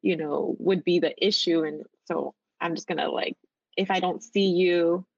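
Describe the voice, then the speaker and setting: A woman's voice: fairly low pitch, normal speed, no echo. Chatty woman teacher on a dull line. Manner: chatty, many "like" fillers, lively when quoting students. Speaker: teacher, podcast guest. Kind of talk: casual interview chat.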